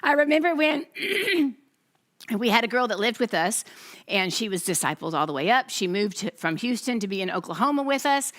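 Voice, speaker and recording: A female pastor preaches a testimony sermon to her congregation, telling the story with animation and performing the voices of the people she quotes. Her voice sits fairly high, and she keeps a moderate pace.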